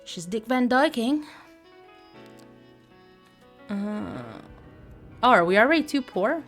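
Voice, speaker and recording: During a relaxed live gameplay stream, a woman takes her time speaking, her somewhat high voice animated and a little bright. Faint music sits behind her as she chats with viewers, reads their messages aloud, and slips in playful comments.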